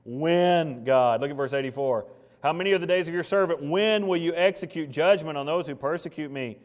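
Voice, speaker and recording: A fairly high-voiced man preaches a sermon, his words ringing out in a large reverberant hall. He leans into scripture with slow, rising emphasis. Then he turns quiet and low to press questions on his listeners. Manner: earnest preaching, slows and rises on scripture, drops soft on questions. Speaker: pastor.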